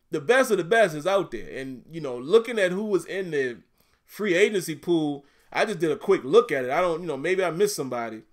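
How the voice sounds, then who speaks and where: A man with a Southern US accent hosting a casual livestream, reading viewer comments aloud in a laid-back, chatty way and laughing often. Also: a little high. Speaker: YouTube livestream host.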